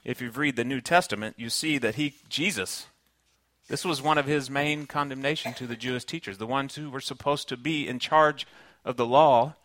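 A man's voice: medium pitch, moderate pace, a bit bright. A man from Kentucky with a Southern accent, preaching a sermon in an earnest, conversational way and weaving in personal stories. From Kentucky, United States. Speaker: pastor.

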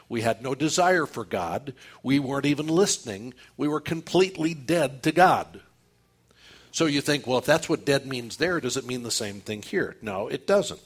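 Male pastor, husky tone, emphatic sermon delivery to a congregation. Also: medium pitch. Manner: emphatic preaching with rhetorical questions to the congregation.

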